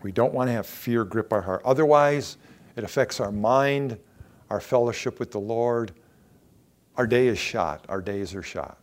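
A man preaching a Bible sermon in an earnest, steady manner. His voice sits in an ordinary middle range, and he drives points home by repeating short phrases, rising and dropping in intensity. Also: mid-range voice. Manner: earnest, repetitive emphasis, rising and falling in intensity.

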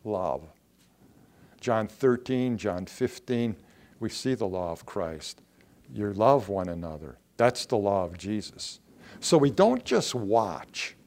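A man preaching a sermon, reading scripture aloud and explaining it, with emphatic bursts and quiet asides. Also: on the low side, sing-song, slow. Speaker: pastor.

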